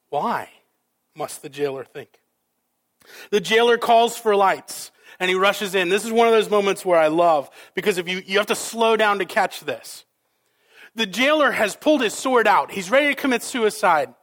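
A male pastor preaching a sermon, dramatic, with rhetorical questions and swings between loud and soft. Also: sits high, normal speed, long pauses.

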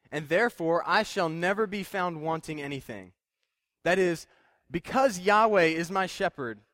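A man's voice: on the high side, a bit bright, dry recording, clean studio sound. A young man preaching a conversational sermon, plain-spoken and self-deprecating, with frequent fillers and restarts. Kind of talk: casual sermon.

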